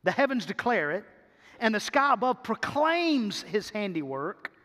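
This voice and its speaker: Male pastor, sermon, high voice, slow deliberate delivery, emphatic build-ups, long church-hall reverb. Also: very animated, a bit bright. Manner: emphatic, repeats words for build-up. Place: church sanctuary.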